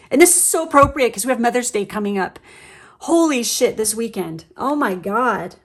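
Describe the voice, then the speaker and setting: A woman's voice: on the high side, expressive, normal speed. A woman giving a casual, emotional tarot reading, chatty with lots of fillers and the odd swear word. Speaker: tarot reader.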